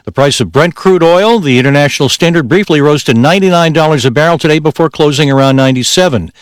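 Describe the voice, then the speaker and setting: A man reading a radio news bulletin in a crisp, even newscaster delivery. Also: fairly high pitch, fast talker, dry recording.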